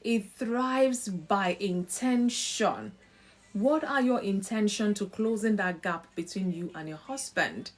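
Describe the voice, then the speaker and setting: Female host, lively, preachy and chatty, slips into family voices. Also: mid-range voice, slow pace. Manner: animated, acts out quoted family voices. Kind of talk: live-stream marriage talk.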